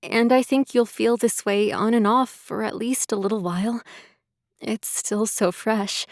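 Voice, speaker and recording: A gentle, gracious woman comforting a friend, read by a female narrator. Her soothing voice sits a bit high and moves slowly, dry and close to the mic. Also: steady tone, dry recording. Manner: soothing and reassuring. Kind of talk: audiobook character voice.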